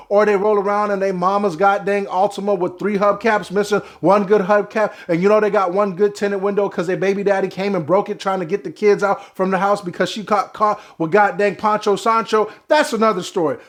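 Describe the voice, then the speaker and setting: A young man giving a loud, brash, profane comedic rant to camera. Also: high voice. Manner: loud, brash and profane, with sudden swings in volume. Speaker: vlogger.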